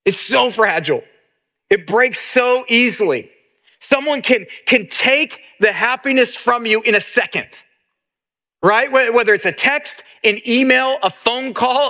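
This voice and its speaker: Middle-aged male pastor with a high voice, preaching in a chatty, storytelling style. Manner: conversational, animated storytelling with many restarts. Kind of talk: sermon.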